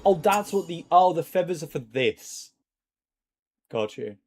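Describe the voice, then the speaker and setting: A young man giving casual gameplay commentary as a streamer, swearing and bursting out in excited jokes. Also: a little high, unhurried. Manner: swearing, excitable, joking outbursts. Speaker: gaming streamer. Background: loud game music.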